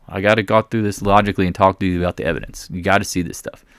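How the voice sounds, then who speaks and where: A man hosting a trading channel, giving casual market commentary in an excitable, jokey way with rambling asides. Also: sits low, very fast, smooth, dry recording.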